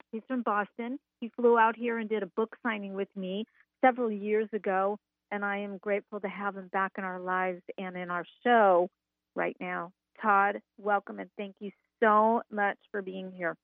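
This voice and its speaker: A woman's voice: medium pitch, dry recording. A woman hosting a radio talk show, chatty and enthusiastic, with fillers as she introduces her guest. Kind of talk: upbeat radio interview. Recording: narrow phone-line sound.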